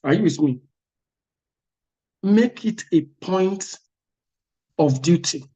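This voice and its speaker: A man's voice: on the high side, animated, takes it slowly, dark tone. Emphatic man tutoring. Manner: emphatic, repeats words, asks "are you with me?". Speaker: exam prep tutor. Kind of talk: motivational class talk.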